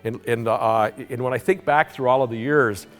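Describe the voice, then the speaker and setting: A man giving a conference talk, telling a story in an animated way, halting often with restarts and repeated words. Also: mid-range voice. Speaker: conference presenter. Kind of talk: storytelling lecture. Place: conference hall. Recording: long hall reverb, faint music.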